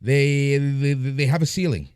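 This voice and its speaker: A man co-hosting a podcast, chiming in with short remarks and quick recaps. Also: mid-range voice, darkish tone, clean tone, no echo, clean studio sound. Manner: brief interjections and quick recaps. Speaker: podcast co-host. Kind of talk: casual wrestling chat, recapping.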